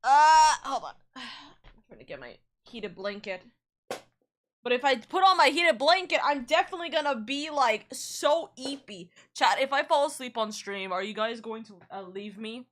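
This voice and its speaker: This VTuber has a high, fairly bright voice with lively intonation and a normal speaking speed. On her live stream she rambles casually, cutting herself off with asides as she reads and thanks chat messages.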